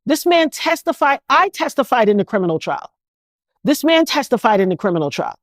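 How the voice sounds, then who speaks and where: Emphatic higher-voiced New woman. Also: very animated, fairly quick, no echo, studio quality. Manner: emphatic, with many restarts and acted-out quotes. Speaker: interview guest. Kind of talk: emotional personal storytelling.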